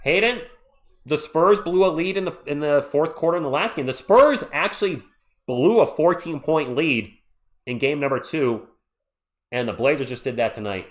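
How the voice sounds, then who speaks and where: A man hosting a live play-by-play stream, calling the action and chatting with viewers in an excitable, jokey way. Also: fairly high pitch, normal speed. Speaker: livestream play-by-play host. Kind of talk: live play-by-play with chat reactions.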